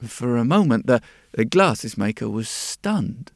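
A male storyteller reading a fairy tale gently and very slowly. His slightly high voice has a gravelly edge, and the recording is close and dry. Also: big pitch swings, no echo. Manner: gentle, unhurried, repeats words for effect. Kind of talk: bedtime-story narration.

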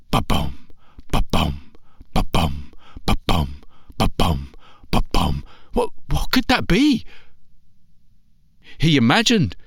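A man's voice: mid-range voice, dry recording, studio quality. A man narrating a children's story expressively, imitating sounds with his voice. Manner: expressive, imitates sounds, slow and hushed at times.

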